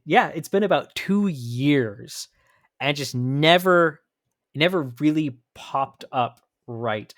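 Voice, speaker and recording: A man from the Pacific Northwest, hosting a podcast and commenting on a played clip in an animated, emphatic way with frequent restarts. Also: medium pitch, dry recording, studio quality. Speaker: podcast host.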